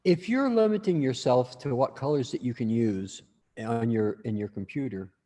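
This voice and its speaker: A man's voice: medium pitch, normal speed, dark tone, in a large hall. A man teaching a class in a casual, rambling way, full of restarts and asides.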